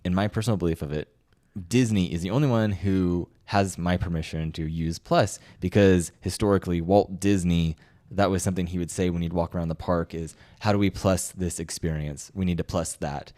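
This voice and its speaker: A man's voice: sits low, steady tone, brisk, warm tone. A man co-hosting a podcast in casual chat, wry and opinionated. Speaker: podcast co-host.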